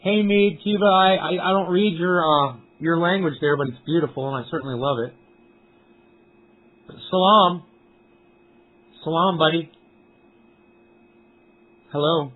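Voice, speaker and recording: A man with a fairly high, somewhat bright voice speaks a little slowly with long pauses while live-streaming from up on a mountain. He rambles, curses freely and chats with viewers, and the cell phone makes the sound tinny.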